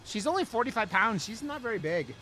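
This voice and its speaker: A man streams a video game and chats casually with his viewers, calling them out by name. His voice rises and falls a lot as he talks. Clear game music plays behind him the whole time. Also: high voice, big pitch swings, brisk, sharp tone. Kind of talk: casual live-stream chat. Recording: game music playing under the voice.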